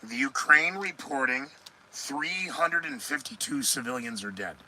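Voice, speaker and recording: A man with a mid-range, pushed, bright voice hosts a solo news commentary podcast on a rough recording. His delivery is expressive and unhurried, sarcastic and rambling, and he often answers his own remarks.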